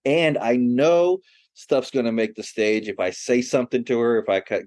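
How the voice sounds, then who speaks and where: A man's voice: mid-range voice, animated, moderate pace, darkish tone, dry recording. A middle-aged man, a comedian hosting his podcast, chatting casually in a jokey, laid-back way. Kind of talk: casual chat.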